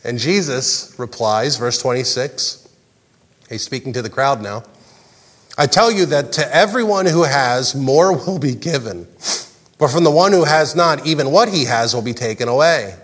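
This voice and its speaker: A man preaching a sermon as pastor, animated and jokey, acting out the characters' lines. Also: mid-range voice, moderate pace, husky, big-room sound. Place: large church hall.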